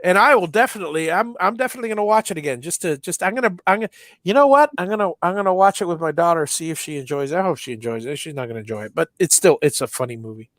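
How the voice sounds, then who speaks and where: A middle-aged man co-hosting a podcast, telling stories in a casual, animated way, acting out movie lines and often restarting his sentences. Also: a little high, rapid-fire, no room sound, studio quality. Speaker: podcast co-host. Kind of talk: casual nostalgic chat.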